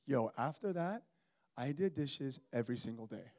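Animated high-voiced male preacher. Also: normal speed. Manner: animated, conversational preaching with call-outs to the congregation. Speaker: pastor. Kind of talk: sermon.

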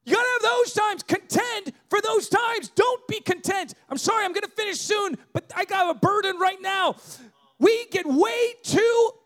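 Impassioned high-voiced male pastor preaching. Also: moderate pace. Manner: impassioned, often shouting, with frequent "right?" tags. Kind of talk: sermon.

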